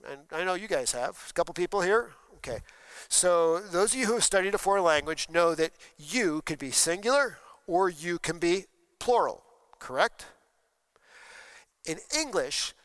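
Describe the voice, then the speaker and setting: A man's voice: high-pitched, a bit bright, smooth, no echo, rough recording. A man preaching a sermon as pastor, conversational and asking the congregation questions. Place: church sanctuary during a service.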